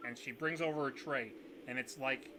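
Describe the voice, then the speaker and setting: A man serving as game master for a tabletop game narrates over a video call at normal speed. His mid-range voice has fairly even intonation, and he rambles, full of fillers and restarts, against background noise.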